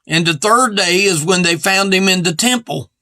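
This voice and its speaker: A man's voice: high-pitched, moderate pace, pushed and bright, no room sound. A man preaching an earnest sermon in plain everyday speech, repeating his points and stressing them with "see".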